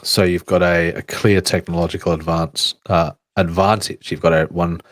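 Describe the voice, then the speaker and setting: A man's voice: deep voice, level tone, moderate pace. A man co-hosting a podcast, rambling and thinking aloud in casual chat, swearing now and then. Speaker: podcast co-host.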